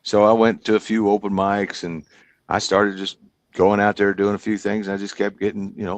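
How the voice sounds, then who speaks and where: A comedian and hypnotist in his fifties from Kentucky chats and rambles through stories as a guest in a casual podcast interview. His voice is lowish and level, fairly quick, with no echo.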